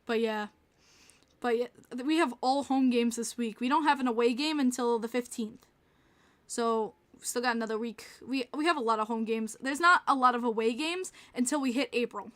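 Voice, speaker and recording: Chatty Long Island woman, high voice. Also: moderate pace, fairly bright tone. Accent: New York, Long Island. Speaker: podcast host reading live chat. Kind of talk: casual livestream chat.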